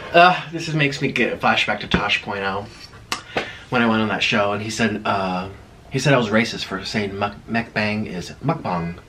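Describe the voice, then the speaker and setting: A man's voice: medium pitch, bright, forceful tone, slight background noise. A man chatting casually while eating on camera, rambling and laughing at himself. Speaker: mukbang vlogger.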